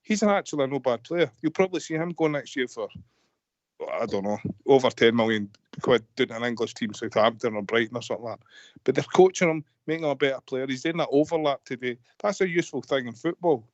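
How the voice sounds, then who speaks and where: A man's voice: medium pitch, quick pace, dry recording. Scottish guy ranting on a fan phone-in, lots of restarts, kinda muffled. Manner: frustrated, rambling with restarts. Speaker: caller. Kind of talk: fan radio phone-in chat.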